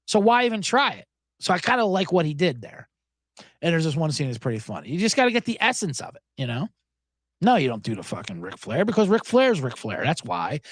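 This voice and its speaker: Guy riffing on football picks, lively swoopy voice, kinda high, swears a lot, dry close mic. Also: fairly quick, no echo. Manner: rambling, profane, sarcastic asides. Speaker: sports betting podcast host. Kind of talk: casual solo chat.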